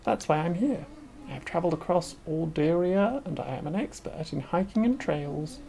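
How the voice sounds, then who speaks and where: A woman voicing a chatty female hiking expert from a game in a deliberately bad, exaggerated French accent, drawing out her words slowly. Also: low-pitched, vocal fry, dark tone. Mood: friendly pitch. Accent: put-on French. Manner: slow, drawn-out delivery.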